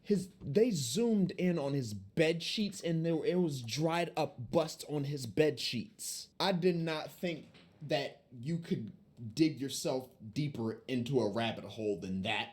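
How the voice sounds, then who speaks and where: Young male co-streamer, higher voice, blunt incredulous casual talk. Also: lively intonation, takes it slowly, a little mellow, breathy edge. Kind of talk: casual chat.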